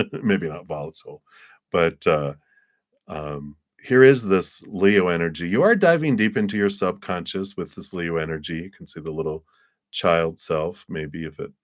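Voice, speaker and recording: A man with a very low voice reads tarot cards for viewers on a livestream. He wanders through his thoughts, hunting for the right words. He signs off with gentle, affectionate wishes. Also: expressive, normal speed. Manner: meandering, searching for words; gentle, affectionate sign-offs. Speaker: tarot reader.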